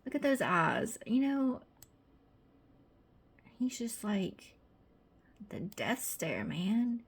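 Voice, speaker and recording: A woman's voice: fairly high pitch, big pitch swings, drawn-out words, slightly rough. A woman with a Southern American accent, chatty and gushing, presenting her own tarot deck in a casual video with many fillers.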